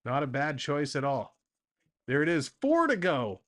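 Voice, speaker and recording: Man, livestream play-by-play host, chatty, excitable, slightly high voice. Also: a little slow. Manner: chatty, excitable, reads viewer comments between calls. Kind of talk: live play-by-play and chat reading.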